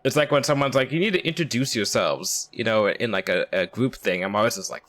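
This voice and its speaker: A man's voice: mid-range voice, a little fast, hardly any pauses, a bit bright. A man streaming a game, commenting casually in a chatty, profane, self-deprecating way.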